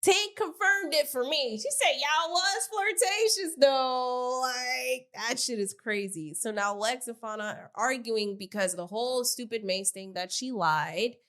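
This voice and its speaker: Animated woman recapping reality TV gossip. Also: moderate pace, hardly any pauses. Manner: animated, slangy, swings loud then tired and low. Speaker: podcast co-host. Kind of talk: casual reality TV recap chat.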